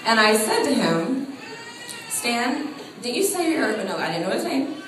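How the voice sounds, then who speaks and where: Animated woman in an echoey room. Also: fairly high pitch, a little slow, background noise. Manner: animated storytelling with frequent laughter. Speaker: speaker. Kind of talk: humorous spiritual talk. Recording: echoey room heard from a distance.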